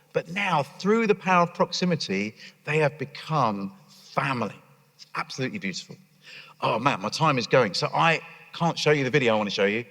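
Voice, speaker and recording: Animated man giving a keynote. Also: mid-range voice. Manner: animated storyteller who acts out voices. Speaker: charity leader giving a conference talk. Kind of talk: keynote talk. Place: conference stage. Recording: echoey hall.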